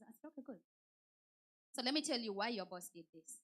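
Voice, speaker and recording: Woman, fairly high voice, straightforward and lively, motivational church talk, personal stories. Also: brisk. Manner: direct and animated, telling personal stories. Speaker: women's day speaker.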